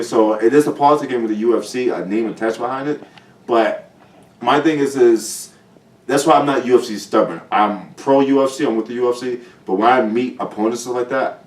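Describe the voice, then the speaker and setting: Man, guest fighter, quick blunt profane talk, distant mic, echoey room. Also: on the low side. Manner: blunt, profane, animated storytelling. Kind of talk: casual podcast chat. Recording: roomy sound from a distant mic.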